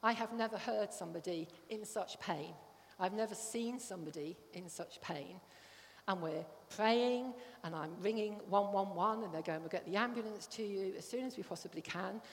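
A woman's voice: medium pitch, normal speed, slight background noise. A middle-aged woman giving a sermon, telling a personal story in an earnest way. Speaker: church speaker. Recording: long hall reverb.

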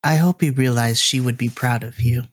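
A man voicing an elderly woman, a gentle longtime family servant, who speaks tenderly and with affection in a tabletop role-play. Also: medium pitch, steady tone, moderate pace, breathy edge, lightly acted.

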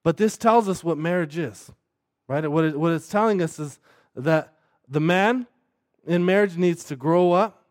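Preacher guy, kinda high voice, keeps going "right?" and trips over his words a lot. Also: unhurried, a little mellow. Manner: checks in with the listeners by asking "right?" again and again; repeats words often as he restarts his sentences. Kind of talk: sermon.

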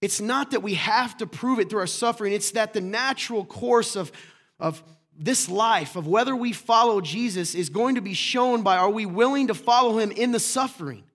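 A man's voice: sits high, normal speed, a bit bright. A male pastor preaching a sermon to a congregation in a conversational way, firing off rhetorical questions and joking asides. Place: church room with congregation.

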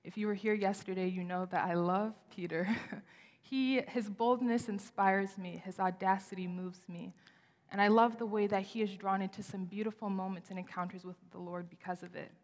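A young woman delivers a sermon with earnest, expressive conviction, lifting her voice to stress key points. Her mid-range voice rings out with a long reverb trail, as if filling a large sanctuary. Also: mid-range voice. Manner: earnest, expressive, rising for emphasis. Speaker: speaker at a worship service.

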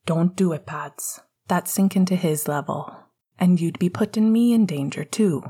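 A woman doing a worn-out gentle teen boy. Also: lowish voice, normal speed, slightly rough. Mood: weary. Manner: tired, soft and whispery. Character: exhausted gentle teenage boy wizard.

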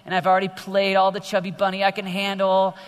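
A man putting on the voice of a sulky, bored teenager lazing on a couch, whining slowly and pitying himself, with a long hall echo. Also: high-pitched, completely flat delivery, clean tone, natural voice. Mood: whiny. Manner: whiny, drawn-out and self-pitying.

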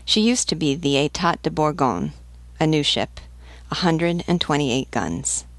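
A woman voicing a calculating male sea captain who asks measured, commanding questions. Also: deep voice, expressive, no room sound. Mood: questioning.

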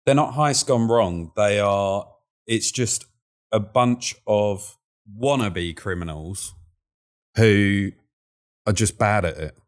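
Blunt man, very deep voice. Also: slow pace. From London. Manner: blunt, joking, swears. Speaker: podcast co-host. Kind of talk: casual film-review chat.

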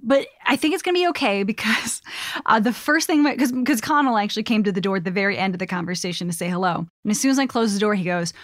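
A young woman from Chicago, co-hosting a casual chat and telling stories in a chatty, animated way. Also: medium pitch, fast, no room sound, studio quality. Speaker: podcast co-host.

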